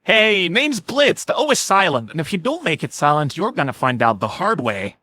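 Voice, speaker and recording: A man's voice: on the high side, very animated, normal speed, bright, forceful tone, heavily acted. A man voicing a cocky, short-tempered male demon imp with a brash, threatening manner.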